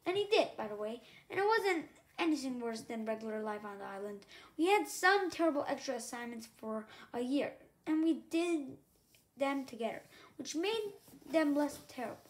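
A woman's voice: high voice, expressive, moderate pace. A woman reading a novel aloud in the first person, telling the story as the main character. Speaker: reader.

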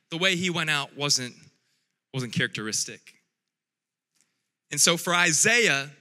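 A man preaching a sermon, reading scripture quietly and then building to loud, repeated calls. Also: a little high, long reverb tail. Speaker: pastor.

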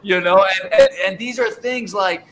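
Give me a man hosting a casual faith stream, animated and laughing, with a bright voice. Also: high-pitched, moderate pace, a little hiss or hum, poor audio. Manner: animated storytelling, laughs often, repeats words. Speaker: host. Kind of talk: casual faith livestream talk.

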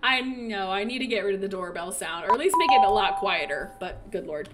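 A woman's voice: mid-range voice, expressive, a little fast, very noisy. A young woman live-streaming a life-sim game, chatting casually and gushing over the game while thanking her chat. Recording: loud game music behind. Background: game music.

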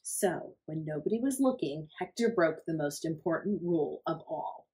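A woman reading a picture book aloud to children at library storytime, pausing to ask the young listeners hushed questions. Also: sits low, lively intonation, rough recording.

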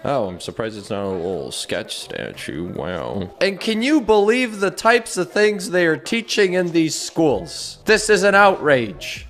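Excitable jokey male gamer. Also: mid-range voice. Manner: excitable, jokey, talks to viewers. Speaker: gaming YouTuber. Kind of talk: let's play commentary.

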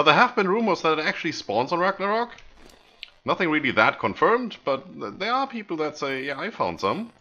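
A man's voice: medium pitch, sharp tone, slight background noise. A man hosting a gaming video, giving casual, self-amused commentary to viewers as he plays. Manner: chatty, self-amused, talks to viewers while playing.

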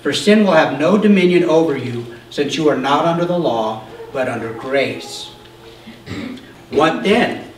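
A male pastor preaching a sermon, explaining scripture in a conversational way with frequent "okay?" checks and occasional shouted emphasis. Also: on the high side, expressive, a little slow, slight background noise. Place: church sanctuary. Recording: roomy, distant church recording.

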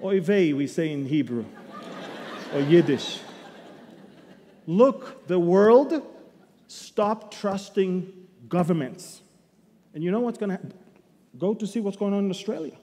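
A man teaching the Bible as a sermon, emphatic, with sudden loud bursts and humorous asides. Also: high-pitched, lively intonation, unhurried, long pauses. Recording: long hall reverb.

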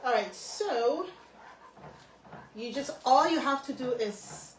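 A woman with a fairly high voice gives bossy, teasing cooking instructions in casual chat. She sounds far from the mic in an echoey kitchen. Steady background noise sits under her voice. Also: slow pace. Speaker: co-host of a couple's vlog. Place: home kitchen.

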